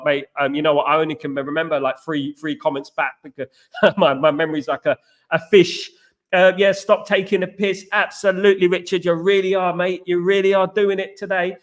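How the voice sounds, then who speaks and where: A man's voice: on the high side, steady tone, a little fast. A man hosting a football live stream, chatting with viewers, greeting them by name and leaning on stock phrases. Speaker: football channel host. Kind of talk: live stream chat answering viewer comments.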